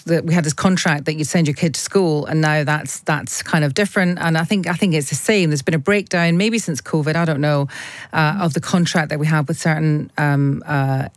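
Talk show host, dry close sound, mid pitch, lots of restarts. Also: no room sound. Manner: thoughtful, hesitant, many restarts. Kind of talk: radio discussion.

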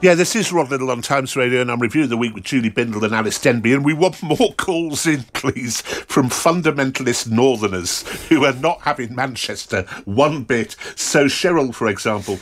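British man, radio host, sardonic, dry humour, middle pitch. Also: expressive, moderate pace, hardly any pauses. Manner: wry, sardonic, chuckling asides. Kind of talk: talk radio chat.

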